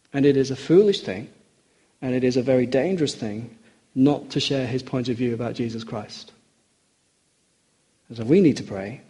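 Husky, mellow-voiced male preacher. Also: medium pitch. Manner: earnest, rising for emphasis, slows on quoted scripture. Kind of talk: sermon.

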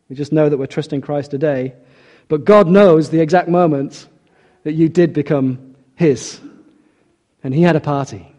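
A middle-aged man delivers a sermon with earnest emphasis, leaning on rhetorical questions. His voice sits slightly high yet sounds warm and mellow. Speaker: preacher.

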